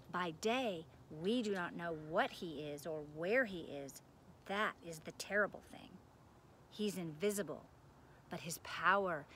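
A woman's voice: medium pitch, fairly bright tone, a little hiss or hum. A woman reading aloud, voicing a group of frightened male stone gargoyles in a storybook who moan and whisper fearfully.

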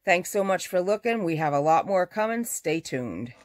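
A woman's voice: fairly low pitch, sing-song, normal speed, no room sound. A woman who owns a fabric shop, chatting through a casual live showcase of her fabrics. She gushes over the prints and corrects herself mid-sentence.

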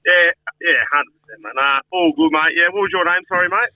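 A man's voice: a little high, quick pace, no room sound. A man with an Australian accent answering a phone call, easygoing and agreeable. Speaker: prank call target. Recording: phone line.

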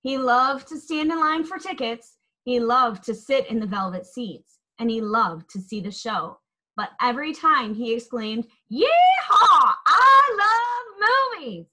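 A woman reading a children's picture book aloud in an expressive, lilting storytelling manner. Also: fairly high pitch, moderate pace, low-quality recording.

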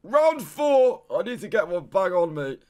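A young man streams a guessing game in casual live commentary, getting frustrated, swearing, and adding "mate" to almost everything he says. His voice is high and sing-song, a little mellow and clean-toned, and he's in no hurry.

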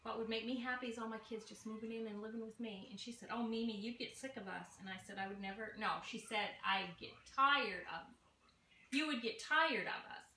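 A folksy woman in her sixties chats to viewers as she cooks in her home kitchen. Her voice sits a little high. The camera mic picks up a roomy, echoey space with clear noise in the background. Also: brisk, sharp tone. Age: 60s. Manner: chatty, folksy, talks straight to viewers. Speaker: home cooking vlogger. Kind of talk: casual cooking chat to camera.

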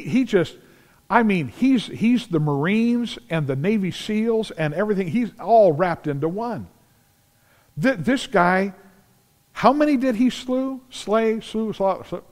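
A man preaching a sermon as pastor, telling Bible stories in an animated way and acting out the scenes. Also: high voice. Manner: animated storytelling, acts out scenes, shouts at climaxes. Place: large church sanctuary. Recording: long church reverb.

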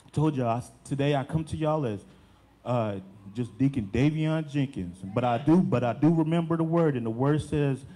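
A man's voice: medium pitch, moderate pace, warm tone. A young adult man, a deacon, preaching a sermon with emphatic, repeated phrases.

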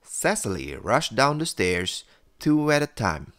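A man reading a children's bedtime story aloud as storyteller, soothing and expressive. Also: on the low side, measured pace.

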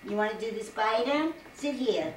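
A woman's voice: on the high side, animated, moderate pace. An older woman as a grandmother, coaxing a toddler with playful, repetitive baby talk at home. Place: family home room, indoors. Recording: echoey room, far from mic, faint hiss.

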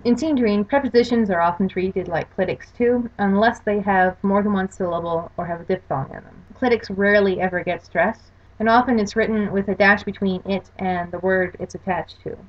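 A woman's voice: medium pitch, steady tone, brisk, few pauses. A woman teaching a language lesson over a slide show, explaining rules carefully and spelling out examples. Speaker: language course lecturer. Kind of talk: recorded lecture over slides. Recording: dull lo-fi recording.

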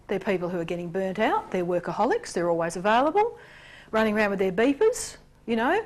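Lively woman presenting a lecture. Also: mid-range voice, fairly quick. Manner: animated, acts out examples in character voices. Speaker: workshop presenter. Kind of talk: lecture on relationships.

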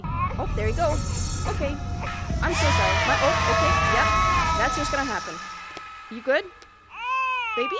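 High, lively young woman streamer. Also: normal speed, long pauses, over loud music. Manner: excitable, swearing, shrieking at scares. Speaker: VTuber streamer. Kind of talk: live gameplay commentary.

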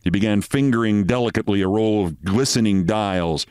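Male host, story reading, low voice, measured and expressive. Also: smooth, no echo, clean studio sound.

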